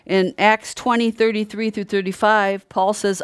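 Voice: medium pitch, flat delivery, a little slow, clean tone, dry recording, studio quality. A preacher giving an earnest, emphatic Bible teaching, repeating key phrases and often restarting mid-sentence. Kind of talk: sermon-style Bible teaching.

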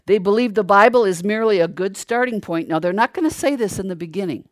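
An older preacher giving a sermon, asking rhetorical questions, answering them, and growing louder and higher when stirred. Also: animated, fast talker, no echo, clean studio sound.

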